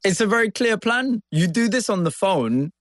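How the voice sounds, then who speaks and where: A man's voice: high voice, lively intonation, moderate pace, fairly bright tone, no room sound, clean studio sound. A man interviewing a guest, asking curious questions and thinking aloud about the answers. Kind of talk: interview conversation.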